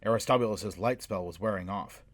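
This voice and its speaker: Man narrating a fantasy audiobook, low and dry. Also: no room sound. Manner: measured, dramatic storytelling. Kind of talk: scripted narration.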